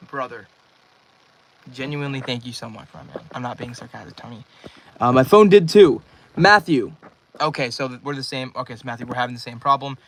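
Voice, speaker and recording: A man's voice: medium pitch, fairly bright tone, a little hiss or hum. A nineteen-year-old man livestreaming from his bedroom, rambling casually and thanking viewers by name as he reads out chat.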